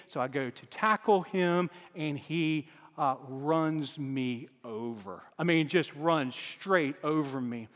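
A man's voice: a little high, takes it slowly, few pauses, a bit bright, in a large hall. A man preaching a sermon as pastor, earnest, with key phrases repeated for emphasis.

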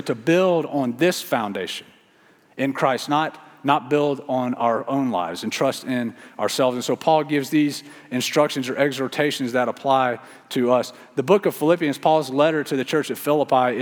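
A man's voice: mid-range voice, moderate pace. Man preaching in an echoing hall. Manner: earnest, repeats key phrases for emphasis. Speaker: pastor. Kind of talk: sermon. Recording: long reverb of a church hall.

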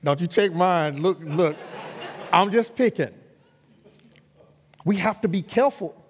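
A man preaching a sermon as a guest pastor, emphatic and calling for responses from the congregation, rising to loud exhortation. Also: high-pitched, measured pace, some chatter behind. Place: church sanctuary. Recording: long reverb of a large hall.

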